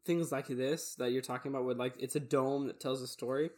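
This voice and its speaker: Man chatting casually, halting delivery. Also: mid-range voice, fairly even intonation, darkish tone. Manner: halting, searching for words. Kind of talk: casual chat.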